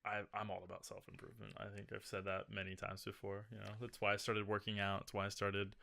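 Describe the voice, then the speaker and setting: A man with a bright, forceful voice co-hosts a loose podcast chat. He rambles and jokes, piling on fillers as he goes. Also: fairly low pitch, completely flat delivery, fast, creaky. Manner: joking, rambling with many fillers. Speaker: podcast co-host. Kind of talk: casual chat.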